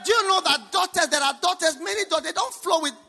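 A man, a bishop preaching a sermon to a congregation, emphatic, with bursts of shouting, laughter and repeated phrases. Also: extremely high pitch, quick pace, vocal fry, faint music behind. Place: church hall with congregation.

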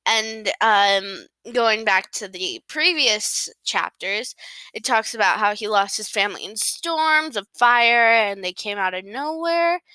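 A woman hosting a podcast, recapping a novel in a casual, rambling way. She is giggly, self-deprecating and quick to apologize. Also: medium pitch, expressive, sharp tone, smooth, no echo.

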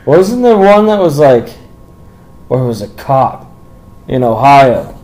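A man's voice: mid-range voice, big pitch swings, slow pace, darkish tone. A man in casual podcast chat, laid-back, chuckling along and adding crude quips. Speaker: podcast co-host.

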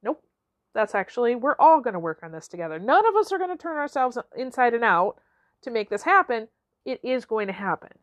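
A middle-aged woman with a fairly high voice talks through life advice in a loose, conversational coaching style. She keeps checking in with her listeners and laughs easily. Her voice is close and dry, with no room sound around it. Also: very animated, a little fast, no echo. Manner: conversational, frequent "okay?" and "right?" asides; laughs often. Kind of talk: motivational talk.

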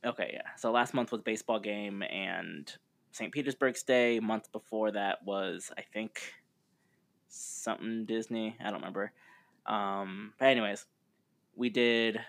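Casual podcast co-host, man, lowish voice, rambling easygoing delivery. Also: steady tone, unhurried, gravelly, a bit bright. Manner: rambling, laid-back, with frequent fillers. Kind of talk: casual chat.

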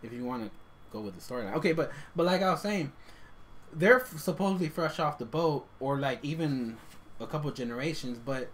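A man co-hosting a podcast in casual chat, talking in an animated, chatty way with frequent laughter. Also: fairly high pitch, a little fast. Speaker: podcast co-host.

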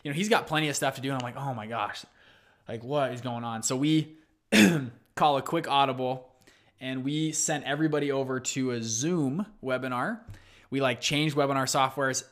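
A young adult man hosting a solo podcast, telling stories in an energetic, chatty way. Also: medium pitch, normal speed. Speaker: podcast host. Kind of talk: casual solo podcast talk.

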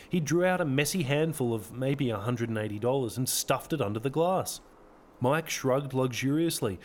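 A man reading his own audio novel as narrator, in a dry, measured storytelling voice. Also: medium pitch, a little hiss or hum. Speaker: author and narrator.

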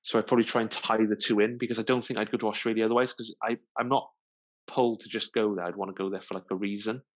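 A man's voice: fairly low pitch, little pitch movement, quick pace. A man co-hosting a podcast in casual chat, easygoing and full of fillers. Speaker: podcast co-host.

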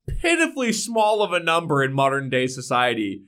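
A young man co-hosting a podcast in casual chat, animated and ranting, with frequent swearing. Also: medium pitch, moderate pace. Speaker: podcast co-host.

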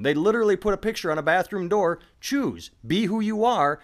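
A middle-aged man hosts a casual comedy podcast. He rambles through stories with plenty of animation and drops into quick put-on voices for the people in them. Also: fairly high pitch. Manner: rambling, animated storytelling with sudden voiced impressions. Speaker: podcast host.

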